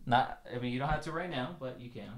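A man's voice: medium pitch, fast, faint music behind. A young man hosting a podcast, casual, teasing and rambling with some swearing. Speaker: podcast host. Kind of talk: casual chat.

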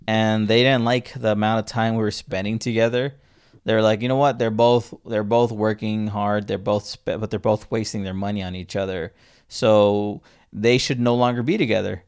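Young male podcast co-host, low-pitched, rambling and self-interrupting, laughs easily. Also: steady tone, normal speed, clear, resonant tone. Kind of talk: casual podcast chat.

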